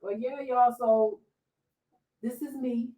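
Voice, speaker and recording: A woman's voice: fairly even intonation, takes it slowly, crowd noise. A woman in her forties hosting a podcast in loose, swearing, laughing casual chat. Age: 40s. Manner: loud, laughing, swearing, goes high and theatrical when mocking. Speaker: podcast host. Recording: echoey room, voice far from the mic.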